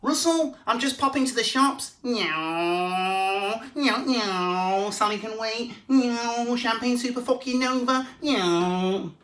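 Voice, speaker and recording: A man putting on a mocking impression of a giddy woman rushing off on a motorbike, shrill and silly, with meowing noises. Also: a bit bright, roomy sound, far from the mic, full character voice. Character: giddy high-voiced woman dashing off on a motorbike.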